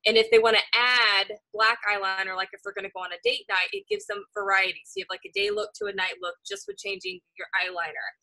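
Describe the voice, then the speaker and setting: A woman walks her team through makeup looks on a video call, friendly and casual, with easy fillers. Her voice is bright and a little sharp. She talks at a mid pitch. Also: fairly even intonation, fast talker, few pauses, low-quality recording. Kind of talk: training talk on a video call.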